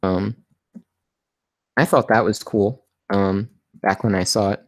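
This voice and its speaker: A man hosting a casual livestream and answering viewer questions, halting and full of fillers, his voice worn and going hoarse. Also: fairly low pitch, steady tone, no echo, studio quality. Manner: halting, many fillers and restarts. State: losing his voice.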